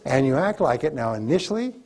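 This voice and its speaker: A man's voice: mid-range voice, sing-song, quick pace, a little mellow, slightly rough. A man giving a motivational seminar lecture to a live audience, emphatic and repetitive as he coaches them. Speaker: motivational speaker.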